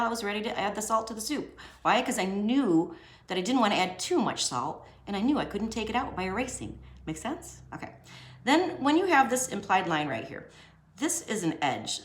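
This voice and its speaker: A young woman teaching a casual drawing lesson, chatty and joking with herself as she shades. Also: medium pitch. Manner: chatty, jokey, talks to herself while drawing. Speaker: art teacher. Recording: echoey room.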